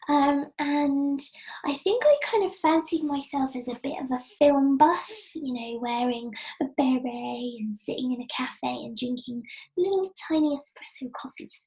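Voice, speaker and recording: A middle-aged woman giving a personal storytelling talk, soft-spoken, often dropping to a breathy near-whisper, with frequent ums. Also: high voice, measured pace, poor audio. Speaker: speaker giving an inspirational talk.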